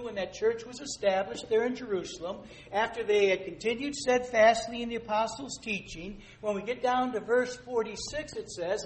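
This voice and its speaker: A man preaching a sermon, emphatic and rising to loud rhetorical questions, addressing listeners as dear ones. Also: high-pitched. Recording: echoey room, faint noise.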